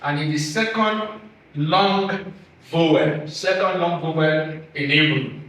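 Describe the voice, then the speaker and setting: A man, a pastor, giving a lesson on Hebrew vowels, speaking deliberately and repeating each sound. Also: fairly high pitch, a bit bright. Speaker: pastor teaching biblical Hebrew. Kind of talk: classroom lesson. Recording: echoey room, distant from mic.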